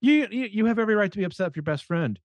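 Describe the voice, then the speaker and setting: A man's voice: sits high, lively intonation, rapid-fire, dry recording. A man co-hosting a podcast, snarky and sarcastic, swearing freely while recapping a TV episode. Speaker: podcast co-host. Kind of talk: casual chat recapping a TV episode.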